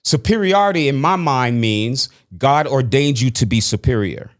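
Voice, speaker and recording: A man's voice: mid-range voice, lively intonation, normal speed, few pauses. A man in his fifties, a former actor as interview guest, speaking with impassioned emphasis and a preaching cadence. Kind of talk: interview conversation.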